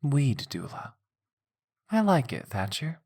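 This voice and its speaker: A man's voice: mid-range voice, big pitch swings, slow pace, darkish tone, voice pushed up, heavily acted. A man voicing a worried young woman. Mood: playful. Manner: questioning, rising with alarm. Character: young woman, anxious and caring.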